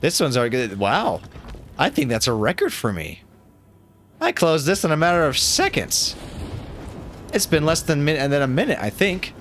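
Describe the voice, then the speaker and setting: A gaming streamer man giving casual commentary in a goofy, excitable way, his pitch bouncing up and down a lot. Faint game music plays under his voice. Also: normal speed, long pauses. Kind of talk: casual let's-play commentary.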